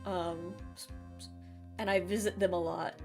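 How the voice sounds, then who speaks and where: A woman's voice: fairly low pitch, steady tone, unhurried. A Southern woman streams a game and talks casually with her viewers. She laughs often and moves easily between reading and chatting. Faint music plays in the background.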